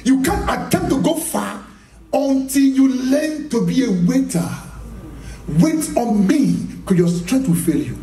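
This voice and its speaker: A man's voice: very high-pitched, big pitch swings, unhurried, mellow, faint music behind. Emphatic male preacher in an echoey hall. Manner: emphatic, repeats phrases, rhetorical questions to the audience; laughs often while preaching. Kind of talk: charismatic sermon. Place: church hall. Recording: echoey hall, mic from a distance.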